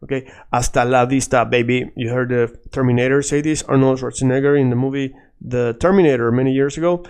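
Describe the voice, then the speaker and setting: Animated male teacher. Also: medium pitch, a little fast, clear, resonant tone. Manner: animated, switches between English and Spanish, repeats words for drill. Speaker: Spanish teacher. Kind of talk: casual video lesson.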